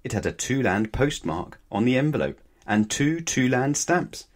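A man reading a children's storybook aloud in a gentle, playful, unhurried way. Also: medium pitch, sing-song.

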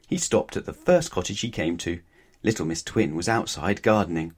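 A man reads a children's story aloud, gentle and playful, never in a hurry. His voice sits a little low for a man, and he gives each line an easy, friendly lilt. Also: sing-song, moderate pace.

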